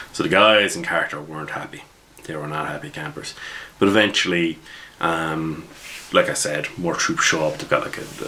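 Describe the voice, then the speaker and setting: A man's voice: low-pitched, bright, forceful tone. A man who runs a tabletop war game, recounting what happened in his last session in a rambling, conversational way. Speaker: game master. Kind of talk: casual spoken recap of a tabletop game session.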